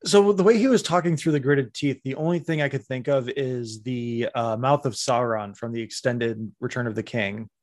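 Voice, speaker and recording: A man talking casually on a podcast, animated and critical, sometimes slipping into mimicry. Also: medium pitch, normal speed, hardly any pauses. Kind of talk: casual chat.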